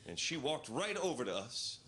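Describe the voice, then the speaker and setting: A male stand-up comedian telling stories in a deadpan, incredulous way on a club stage into a handheld mic. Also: mid-range voice, normal speed. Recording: loud audience noise, live club.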